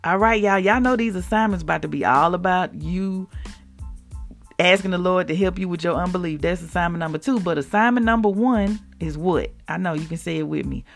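Woman host giving a lively devotional lesson, a bit of fry in the voice. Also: lowish voice, a little fast, faint music behind. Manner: animated, laughs often, addresses listeners as y'all. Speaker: podcast host and preacher. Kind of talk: devotional teaching with scripture reading.

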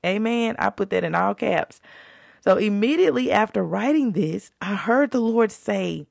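A woman's voice: medium pitch, expressive, normal speed, vocal fry, no echo, studio quality. A woman hosting a faith podcast, talking in a fervent, colloquial, preacherly way. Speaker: podcast host.

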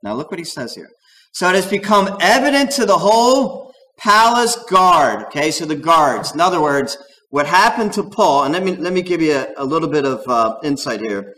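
A man preaching a sermon as pastor, talking in an animated, digressive way and acting out quoted voices. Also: on the high side, moderate pace, rough recording. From United States.

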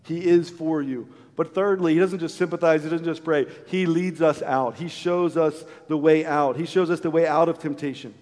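Man preaching, high voice, earnest, dynamic from loud to hushed, long reverb of a church hall. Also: fairly even intonation, moderate pace, few pauses. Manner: acts out voices in a story. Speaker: pastor. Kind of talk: sermon.

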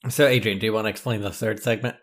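A man's voice: fairly low pitch, steady tone, racing. A man co-hosting a podcast in casual chat, teasing and laughing often. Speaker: podcast co-host.

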